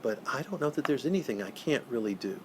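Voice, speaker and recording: An older man, a professional Santa, telling a moving story in an interview, earnest and halting, often repeating words. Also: medium pitch, lively intonation, slight background noise.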